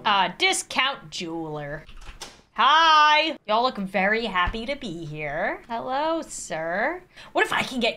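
A young adult woman giving let's play commentary, excitable, yelping and chatting to the characters in her game. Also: sits high, a little hiss or hum. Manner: excitable, yelps and laughs, chats to game characters. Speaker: gaming video creator.

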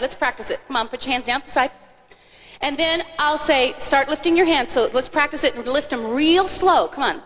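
Bright-voiced woman on a reverberant stage. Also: high voice. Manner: cheerful, coaxing, directing children. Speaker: singer leading a children's song on stage. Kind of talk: live concert stage banter. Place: large church auditorium. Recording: long hall reverb, faint audience noise.

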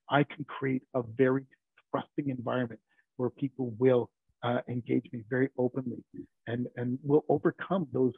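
An interview guest who leads an IT team tells casual workplace anecdotes, his mid-range voice husky with vocal fry. He acts out quoted dialogue and chuckles a lot, and the narrowband, phone-like remote line is dry with no room sound.

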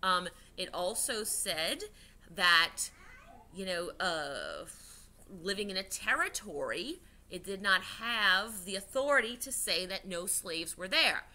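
A woman's voice: medium pitch, lively intonation, slow, bright, forceful tone. A woman, a teacher giving a chatty history lesson to children from home, with many fillers and restarts.

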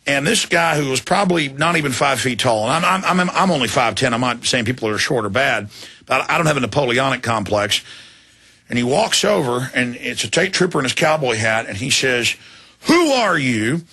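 A man's voice: medium pitch, brisk, bright, forceful tone, slightly rough. A tired male talk radio host rambling through an indignant personal story in an interview, full of restarts. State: tired after a long broadcast.

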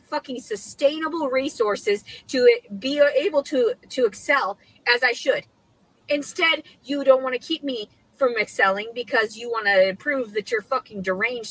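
A woman's voice: fairly high pitch, fairly bright tone, husky, low-quality recording. A woman in a played social media clip, ranting angrily with profane, accusatory outbursts. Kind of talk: angry ranting monologue.

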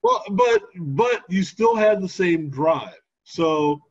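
A man hosting a casual interview who talks in a conversational way with halting restarts. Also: high voice, wildly swooping pitch, husky, lo-fi sound. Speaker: interview host.

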